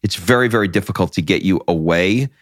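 A man hosting a podcast, talking in a relaxed, reflective way with easy fillers. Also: low-pitched, fast talker, no echo, studio quality. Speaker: podcast host. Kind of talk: casual chat.

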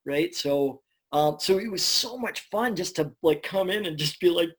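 A man, a voice actor, telling stories in a casual interview, chatty and animated, swearing now and then. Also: high voice, moderate pace. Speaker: voice actor guest.

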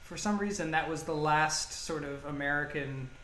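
A sarcastic, opinionated podcast co-host with a mid-pitched voice. The voice is bright and sharp, and it rings in a roomy, echoey space. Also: moderate pace, a little hiss or hum. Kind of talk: casual chat.

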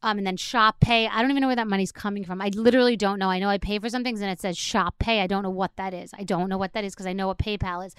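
A woman's voice: mid-range voice, steady tone, racing, few pauses, smooth, no echo, studio quality. A middle-aged woman hosting a podcast, ranting sarcastically and exasperatedly, with plenty of swearing. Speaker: podcast host. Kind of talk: solo comedic rant.

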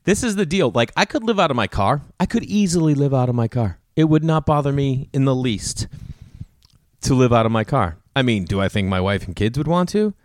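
A man's voice: medium pitch, a little fast, no echo, studio quality. A man hosting a podcast, chatting casually on his own and acting out family conversations as he tells stories, cursing freely. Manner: animated storyteller who acts out family dialogue; loose, swears casually. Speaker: podcast host. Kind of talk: casual solo monologue.

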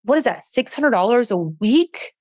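A woman's voice: a little high, lively intonation, moderate pace, darkish tone, dry recording. A woman guest on a podcast interview, a fitness coach who talks earnestly and passionately and becomes openly emotional about her work.

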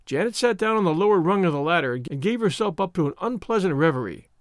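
A man narrating a storybook as an audiobook in a measured, expressive way. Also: sits high, no room sound, clean studio sound.

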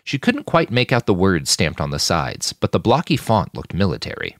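A man hosting a fiction podcast, reading his own story aloud with expressive scripted narration. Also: deep voice, moderate pace, no room sound, clean studio sound. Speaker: podcast host and fiction author.

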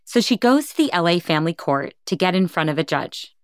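A woman host narrates in a calm, measured way, with a somewhat low voice. The sound is dry and close, with no room echo. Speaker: podcast host. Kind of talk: scripted narration.

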